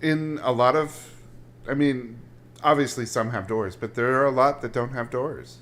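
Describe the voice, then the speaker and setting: A man co-hosting a podcast, chatting casually with dry, deadpan remarks. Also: medium pitch, normal speed. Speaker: podcast co-host. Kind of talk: casual chat. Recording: faint background hiss.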